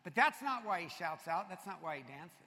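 A man preaches a sermon in a high, bright, ringing voice. He swings from energetic shouts down to quiet, hushed passages. The sound carries a long reverb from a large church hall. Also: a little fast. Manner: energetic, shouting at peaks, drops soft and low for confession. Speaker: pastor.

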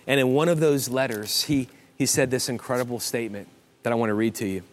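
A man preaching a sermon as pastor of his church, in an earnest way with halting restarts and emphatic repetition. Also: medium pitch. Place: church auditorium.

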